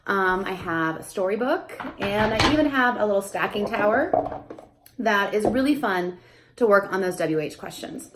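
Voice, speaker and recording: A young adult woman, a speech therapist, explaining casually to camera and breaking into high sing-song questions as if to a toddler. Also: a little hiss or hum.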